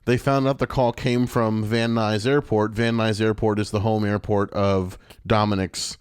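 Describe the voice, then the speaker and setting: A man's voice: lowish voice, little pitch movement, normal speed, clear, resonant tone, no room sound, studio quality. A man co-hosting a podcast, recapping a TV episode in casual chat, laughing often and acting out lines. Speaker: podcast co-host.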